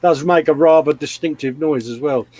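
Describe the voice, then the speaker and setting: A man's voice: fairly high pitch, moderate pace, noisy background. A man hosting a casual live stream from a home workshop, reading out viewer comments and chatting. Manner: laid-back, reads out viewer comments. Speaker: host.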